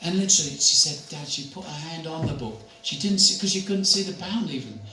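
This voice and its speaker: An older man gives a spiritual talk, telling stories in a chatty way and laughing along. His voice sits a little high. He sounds distant from the mic in an echoey room, with faint background noise. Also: expressive, brisk, bright, forceful tone. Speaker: spiritual speaker.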